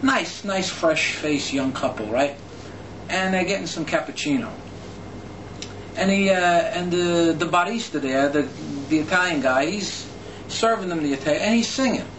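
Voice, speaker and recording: A man's voice: on the high side, moderate pace. Blunt, indignant New man. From New Jersey, USA. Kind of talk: rambling anecdote. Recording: echoey room, distant mic, faint noise.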